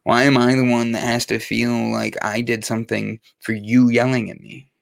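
A man's voice: medium pitch, little pitch movement, moderate pace, gravelly, no echo. A man hosting his own show, talking candidly and emphatically about mental health, repeating phrases and swearing for force. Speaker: podcast host. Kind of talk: personal monologue on mental health.

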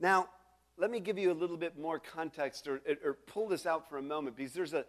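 A middle-aged man delivers a sermon with a slightly high-pitched voice. He preaches conversationally, breaking off into restarts and asides to his listeners. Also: a little fast. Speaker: pastor.

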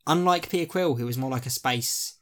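A podcast co-host with a fairly bright, mid-range voice talks fairly quickly in a casual, animated chat, swearing and acting out characters' quotes.

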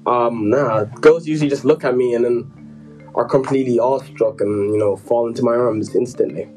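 A man's voice: medium pitch, normal speed, a little mellow, faint music behind, low-quality recording. Rambling joking man telling a story. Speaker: podcast co-host telling a story. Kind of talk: casual chat.

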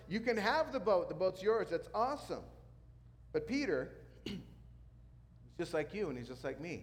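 Male pastor, lively preaching voice pitched a little high, long hall reverb. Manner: animated preaching, acts out quotes. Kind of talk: sermon.

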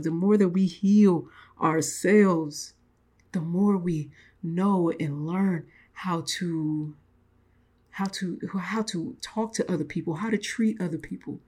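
A woman's voice: lowish voice, darkish tone, breathy edge. A woman giving a spiritual motivational talk, reflective, often repeating and restating her words. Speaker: spiritual speaker.

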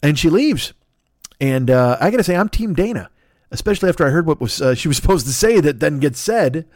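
A man's voice: on the high side, expressive, brisk, a little mellow, no echo, clean studio sound. A man hosting a podcast, chatting casually and riffing on tangents with crude, jokey humor. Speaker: podcast host. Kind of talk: casual, rambling promo chat.

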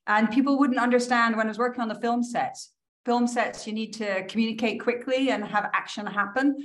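A middle-aged woman with a Scottish accent softened by years abroad, telling her life story openly and reflectively as an interview guest. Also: a little high, fairly even intonation, fairly quick. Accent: Scottish, softened by years in New York. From Scotland. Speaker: guest, politician. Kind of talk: conversational interview.

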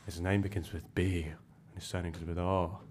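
Fast-talking low-voiced podcast host. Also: male voice, little pitch movement, darkish tone, slight background noise. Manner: rambling, restarts, reads listener questions. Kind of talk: casual football podcast chat.

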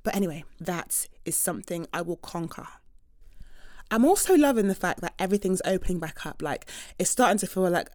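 A woman, hosting a chatty podcast, animated and quick to laugh, with emphatic outbursts. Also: on the low side, no room sound, studio quality. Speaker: podcast host. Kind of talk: casual chatty monologue.

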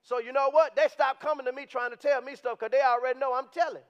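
A man preaching a sermon in a church, animated and conversational, at times rising to shouts. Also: extremely high pitch, fast. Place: church sanctuary. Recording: dull, lo-fi sound.

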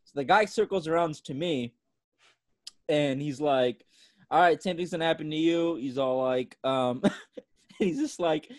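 A man's voice: fairly high pitch, a little slow, long pauses, darkish tone. A young man telling a story in casual podcast chat, laughing often, swearing freely and acting out what people said. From California. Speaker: podcast host.

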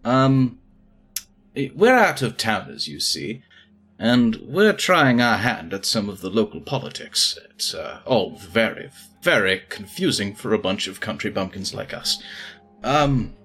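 A man's voice: lowish voice, very animated, unhurried, fairly bright tone, breathy edge, faint music behind, full character voice. A man voicing a reluctant male rogue from a thieves' guild, who rambles with hesitant politeness. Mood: flustered.

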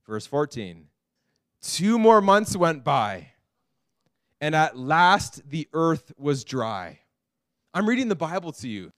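A man preaching a sermon as pastor, earnest, dropping to a hush and rising to loud pleading. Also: a little high, sing-song, slow pace, pauses often, no echo, clean studio sound. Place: church.

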